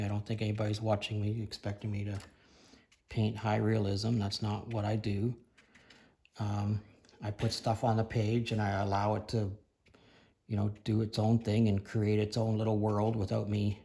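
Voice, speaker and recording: A man giving a casual painting tutorial, thinking aloud and correcting himself as he works, his voice slightly hoarse. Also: on the low side, warm tone. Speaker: painting instructor.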